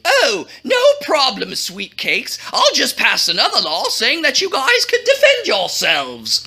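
Dude doing a loud hotheaded king, stretches words out, bellowy. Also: extremely high pitch, huge pitch swings, husky, exaggerated voice. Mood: blustering. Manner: bellowing, drawn-out outbursts. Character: blustering hot-tempered male king.

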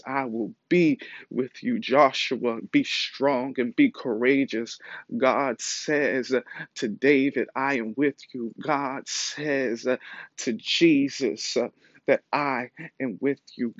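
A man preaching a sermon with measured, emphatic repetition and frequent pauses and fillers. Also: medium pitch, dry recording, dull audio.

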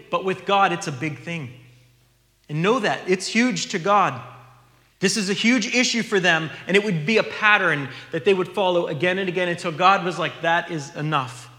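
High-voiced pastor preaching in a hall. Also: male voice, pushed and bright. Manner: earnest, teaching, reads scripture aloud. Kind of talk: sermon.

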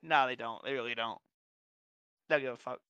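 Bright-voiced young man venting. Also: medium pitch, fairly quick, clear, resonant tone, no echo, lo-fi sound. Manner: animated, profane storytelling with frequent restarts. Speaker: podcast co-host. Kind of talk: casual chat.

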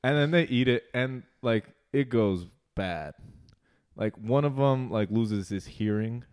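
Speaking at a measured pace with a clean, medium-pitched voice, a young man spins a loose story during a casual conversation. His telling is lively and full of swearing, with "like" peppered throughout.

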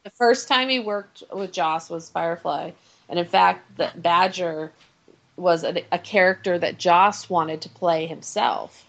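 A woman co-hosting a podcast, telling a convention story in an animated, laughing way. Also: fairly low pitch, a little slow, gravelly. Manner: animated storyteller, laughs often, acts out quotes. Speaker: podcast co-host. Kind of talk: casual chat.

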